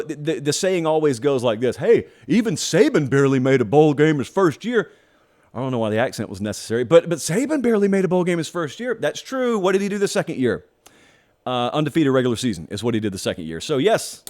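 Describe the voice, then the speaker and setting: A man's voice: a little high, darkish tone. A man hosting a college football show, giving emphatic solo commentary in a conversational way, full of rhetorical questions.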